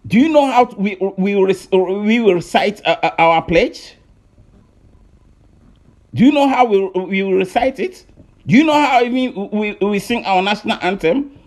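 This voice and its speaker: A man's voice: sits high, animated, normal speed. A man from Ghana with a Ghanaian English accent, ranting angrily in a video, accusing and repeating himself with many hesitations. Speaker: online commentator. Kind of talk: angry video rant.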